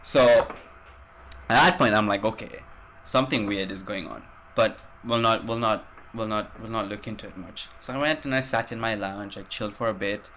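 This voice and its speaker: A man's voice: on the low side, moderate pace, bright, forceful tone, a little hiss or hum. A man hosting a podcast, telling a travel story in a rambling, casual way, swearing and using lots of fillers. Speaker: podcast host.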